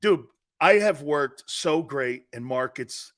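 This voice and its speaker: A middle-aged man with an East Coast American accent, hosting a sports talk show in brash, loud, joking banter. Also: on the high side, animated, slow pace. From Northeastern United States. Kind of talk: casual live show banter.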